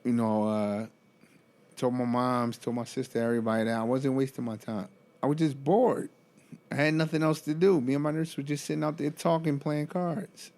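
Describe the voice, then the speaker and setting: A motivational speaker tells a story in a casual vlog, animated and profane, laughing often and bursting into incredulous exclamations. His voice is mid-range and his speed is normal.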